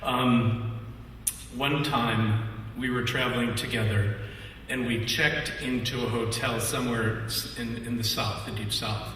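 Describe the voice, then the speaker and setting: At a memorial gathering in a large hall, a music industry artist relations rep gives a tribute speech, telling a story animatedly and laughing often. His voice is medium-pitched, steady, unhurried and fairly bright. The recording is noisy, with an echoey hall heard from far off.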